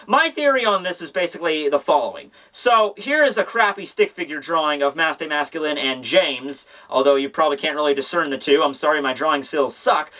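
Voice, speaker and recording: A man's voice: a little high, pushed and bright. A man giving a casual comic manga review, rambling and sarcastic with plenty of filler.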